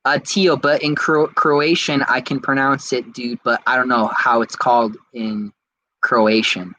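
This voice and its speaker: A man hosting a podcast, reading out viewer comments in casual chat and answering them in an excitable, rambling way. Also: mid-range voice, measured pace, slight background noise, rough recording. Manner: excitable and rambling, with frequent restarts. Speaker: podcast host.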